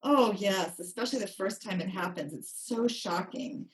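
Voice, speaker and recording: A woman's voice: mid-range voice, moderate pace. A woman money coach, a guest on a podcast, telling a story animatedly and acting out quotes. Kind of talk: interview storytelling. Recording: roomy, distant from mic.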